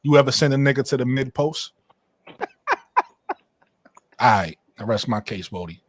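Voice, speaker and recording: A man's voice: medium pitch, animated, moderate pace, background noise. Teasing New man hosting a livestream. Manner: teasing, emphatic, repeats "right?". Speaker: livestream host. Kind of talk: casual panel chat.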